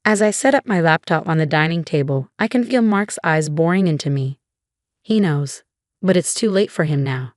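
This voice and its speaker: A woman narrating a first-person story in a steady, scripted reading. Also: sits low, moderate pace, dry recording, studio quality.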